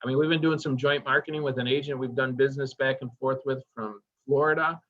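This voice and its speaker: A man's voice: mid-range voice, fairly even intonation, quick pace, a bit bright. A man giving a casual training lecture, enthusiastic and chatty, asking the class questions as he goes. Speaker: workshop instructor. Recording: dull lo-fi recording.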